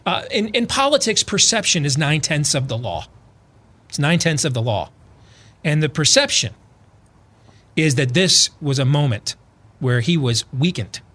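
Male talk-radio co-host, bright tone, lively storyteller, emphatic. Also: a little high, normal speed, pauses often, husky. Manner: animated storyteller, acts out quotes, builds to loud emphatic punches. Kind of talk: political talk radio monologue.

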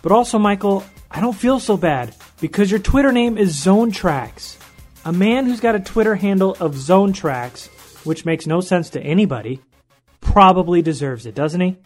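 A man's voice: sits high, animated, moderate pace, faint music behind. A man hosting a podcast, delivering a trash-talking comedic roast with mock indignation. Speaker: podcast host.

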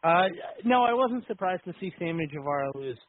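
A man's voice: sits high, expressive, fairly quick. A man hosting a casual wrestling chat, rambling and laughing often. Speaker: podcast host. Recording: dry, phone-like line.

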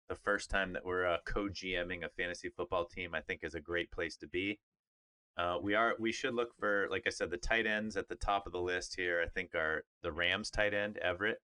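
A podcast co-host with a low-sitting, sharp-toned male voice chats casually about sports. His delivery is upbeat and rambling, full of fillers.

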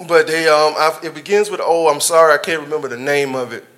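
Bright-voiced man sharing a church testimony. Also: fairly high pitch. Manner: conversational and colloquial, chuckling often, addressing the congregation directly. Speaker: church member giving a testimony. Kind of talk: personal testimony storytelling.

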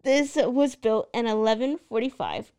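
A woman with a Texan accent co-hosting a casual paranormal podcast, giggling and halting as she tells the history. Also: fairly high pitch, expressive, mellow, clear, resonant tone. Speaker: podcast co-host. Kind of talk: casual chat.

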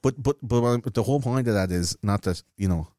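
A man's voice: fairly low pitch, brisk, warm tone, no echo, clean studio sound. An Irish man, a comedian, telling a story in blunt, sweary casual chat.

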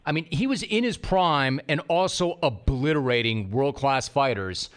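Animated male sports talk host. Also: medium pitch, moderate pace, clean tone. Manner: animated, emphatic, builds questions in bursts. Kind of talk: interview questioning.

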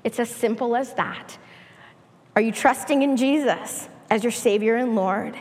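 A high-pitched woman delivers a sermon at an unhurried pace, leaning on each repeated phrase. Her voice rings out with a long reverb, as if in a large hall. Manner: slow, emphatic preaching with repetition. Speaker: preacher.

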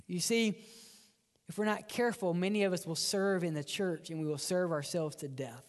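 A man's voice: on the high side, brisk, long reverb tail. A man preaching a sermon as pastor, dramatic and often dropping to a whisper for emphasis. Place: church sanctuary.

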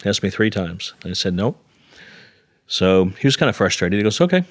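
A man's voice: on the low side, sing-song, moderate pace, dry recording, studio quality. A middle-aged man, an interview guest, telling a personal story earnestly and with self-deprecating humor, acting out the dialogue. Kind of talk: conversational storytelling.

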